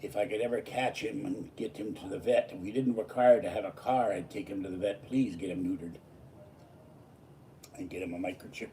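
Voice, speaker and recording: Tired man, low mellow voice, rambling vlog chat, distant mic with faint background. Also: fairly quick, a little hiss or hum. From Pittsburgh, USA. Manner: digressive, jumping from topic to topic. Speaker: vlogger. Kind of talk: casual rambling monologue.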